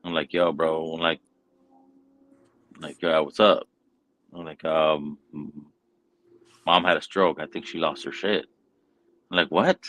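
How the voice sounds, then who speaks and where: Deep-voiced, profane storytelling man. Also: flat delivery, unhurried, pauses often, fairly bright tone, low-quality recording. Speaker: podcast host. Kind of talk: casual chat.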